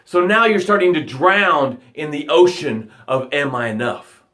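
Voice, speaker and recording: A man coaching on a live motivational broadcast, telling vivid stories with repeated phrases, and swinging from loud outbursts to hushed words. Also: on the high side, animated, unhurried.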